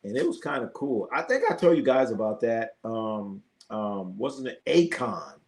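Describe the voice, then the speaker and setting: With a mid-range voice at a normal pace, this middle-aged host of a live sports stream chats loosely with his audience. He spins lively stories laced with profanity.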